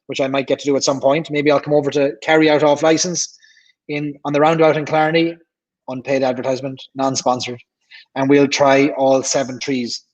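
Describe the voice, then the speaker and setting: A man's voice: medium pitch, level tone, fairly quick, highs cut off. An Irish man hosting a casual livestream, chatting and reading viewer comments aloud, often repeating himself. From Ireland. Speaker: livestream host.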